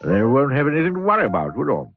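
A man's voice: mid-range voice, huge pitch swings, racing, faint music behind, voice pushed up. Man doing a kindly storybook wizard, raised and cheery, dry dull sound. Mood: reassuring.

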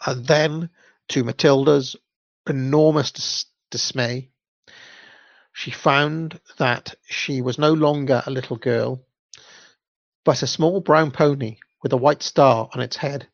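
A man reads a children's story aloud in a gravelly voice, unpolished and now and then stumbling over a word. He sounds amused by the text. The recording is dull, dry and lo-fi. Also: mid-range voice, fairly even intonation, slow, no echo.

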